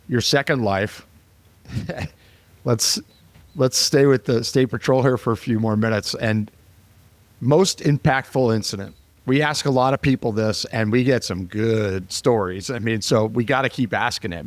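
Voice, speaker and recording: A man's voice: medium pitch, dry recording. A man hosting a podcast, asking questions in an easygoing way with short affirmations. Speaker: podcast host. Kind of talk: interview questions.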